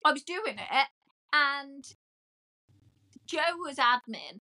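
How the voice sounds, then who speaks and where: Loud, lively woman chatting. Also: high-pitched, takes it slowly. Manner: loud, chatty and self-mocking. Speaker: guest, cake decorator. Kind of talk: casual chat.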